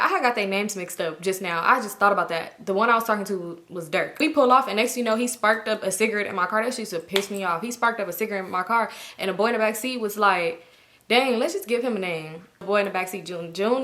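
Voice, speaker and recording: A young woman vlogger tells a story in a casual, slangy way and laughs often. She talks very fast at a mid pitch and keeps the delivery animated.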